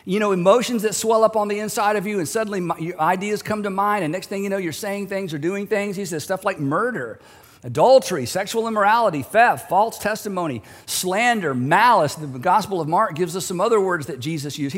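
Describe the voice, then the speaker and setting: A man's voice: sits high, fairly quick, long reverb tail. A middle-aged male pastor preaching a sermon in a conversational, humorous way, acting out the voices he quotes.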